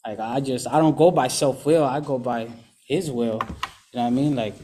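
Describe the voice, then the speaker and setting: A man's voice: medium pitch, moderate pace, mellow. A young man talking casually and candidly about his recovery, in rambling slangy speech full of "you know". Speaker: recovering addict sharing his story.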